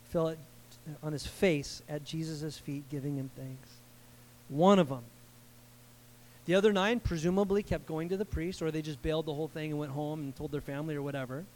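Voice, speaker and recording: A man preaching a casual, conversational sermon, animated and slangy, acting out the people in the story. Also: on the high side. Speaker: pastor.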